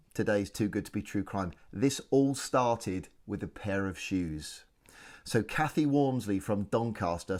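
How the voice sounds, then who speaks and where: A British man hosting a comedy podcast, chatting casually with a friend and telling a story in a jokey way. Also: on the low side. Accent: British English. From United Kingdom. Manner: chatty, jokey, says "mate" a lot. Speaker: podcast host.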